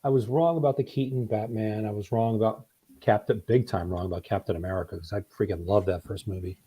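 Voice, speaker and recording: Husky-voiced man telling stories. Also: lowish voice, fairly even intonation, quick pace, warm tone. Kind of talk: casual chat.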